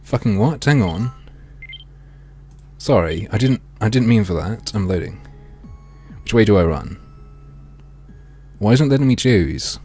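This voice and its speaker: A man streaming a video game, reading its text aloud in a mock-dramatic way with sardonic, swearing asides, his throat strained and often cleared. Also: fairly low pitch, animated, measured pace, long pauses, mellow, faint music behind. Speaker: gaming streamer.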